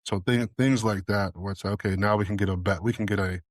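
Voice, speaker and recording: Low-voiced man rambling in a chat. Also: steady tone, fast, dry recording. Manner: rambling, swears, lots of fillers and restarts. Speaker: podcast co-host. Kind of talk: casual chat.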